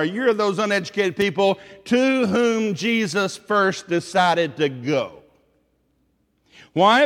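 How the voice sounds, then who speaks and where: A man's voice: high voice, fairly bright tone, in a large hall. A man with a Tennessee Southern accent preaching a sermon in an earnest, conversational way, often putting questions to his listeners.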